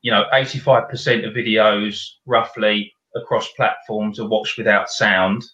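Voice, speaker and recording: A man's voice: fairly low pitch, steady tone, measured pace, bright, forceful tone, reverberant, highs cut off. A man with a South London accent, a podcast guest giving practical explanations in casual chat. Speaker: guest, video company director.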